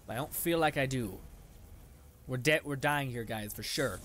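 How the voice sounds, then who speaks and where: A man's voice: medium pitch, moderate pace, fairly bright tone, a little hiss or hum. A young man giving casual gameplay commentary, sarcastic and frustrated, swearing often and laughing at his own losses. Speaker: gaming channel host.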